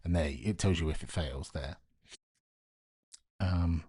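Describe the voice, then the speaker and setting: A deep, slightly husky man chats casually on a late-night live stream, half-muttering to himself as he works. He keeps his voice down at home, and the sound is close and dry. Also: takes it slowly, no room sound. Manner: talks to himself while working, quiet and muttering.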